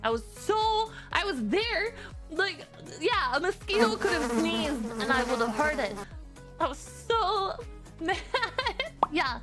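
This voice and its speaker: A woman streamer telling a story in a casual rant, animated and exasperated, swearing freely. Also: sits high, unhurried. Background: background music.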